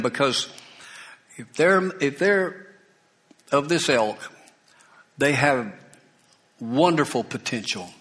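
A man's voice: on the high side, a bit bright. A man preaching a sermon in a conversational way, with asides to the congregation and repeated exhortations. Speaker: pastor.

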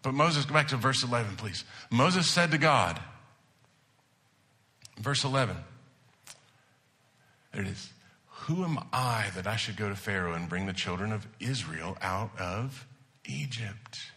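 Bright-toned preaching man. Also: fairly low pitch, expressive, measured pace, long pauses. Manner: preaching, shifts between hushed and emphatic. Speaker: pastor. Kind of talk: sermon.

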